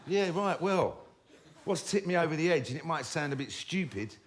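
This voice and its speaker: A man, telling comic stories about his own life in a wry, swearing, animated manner. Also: a little high, moderate pace. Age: 50s. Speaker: storyteller. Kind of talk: comic autobiographical storytelling.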